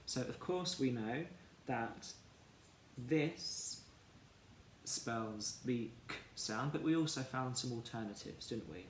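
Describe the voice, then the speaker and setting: Slow, patient male phonics teacher. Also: mid-range voice, lively intonation, a little hiss or hum. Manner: slow, clear sounding-out of words. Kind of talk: phonics lesson for children. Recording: echoey room with faint ambience.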